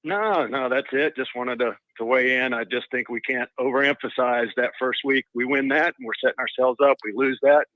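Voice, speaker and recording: Male caller from the Atlanta area, mid-pitched, calm, on a narrow, phone-like line. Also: normal speed, few pauses, no echo. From Atlanta area, USA. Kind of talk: casual phone call. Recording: dry, tinny phone line.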